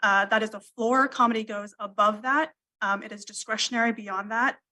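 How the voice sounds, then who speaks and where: A woman arguing an appeal before a panel of judges, measured and deferential in tone. Her voice sits a little high, and she fills pauses with ums. The sound comes from a courtroom livestream. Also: steady tone, pushed and bright, rough recording. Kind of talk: formal legal argument.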